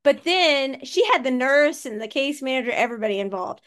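A woman co-hosting a family podcast, telling a story in a casual, animated and teasing way. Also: high voice, fairly quick. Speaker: podcast co-host, mother.

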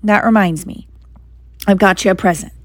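A woman's voice: mid-range voice, steady tone, normal speed, no echo, natural voice. Hagrid, woman doing a sobbing giant gamekeeper. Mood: gentle. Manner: sobbing, broken rustic speech. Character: huge tearful bearded male gamekeeper, gruff and kind.

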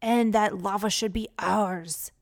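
A woman's voice: medium pitch, steady tone, slow, no room sound, clean studio sound. A woman voicing a whimpering, defiant male thief in a children's story. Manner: sulky, whimpering.

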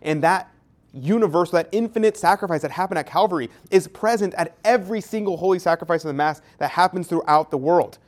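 A man's voice: high voice, fast. A man giving an earnest, emphatic Catholic teaching talk with a story. He often restarts and repeats words. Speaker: Catholic speaker.

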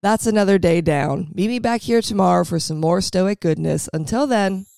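A young adult woman with a raspy voice and a valley girl lilt, hosting a podcast in a casual, reflective monologue. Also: on the low side, moderate pace, dark tone, no room sound, clean studio sound. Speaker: podcast host.

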